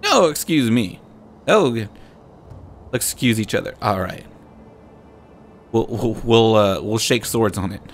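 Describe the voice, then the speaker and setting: A man's voice: fairly low pitch, measured pace, pauses often, slight background noise. A man hosting a let's play, commenting on the game in a playful, jokey way and talking back to the characters. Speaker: gaming channel host.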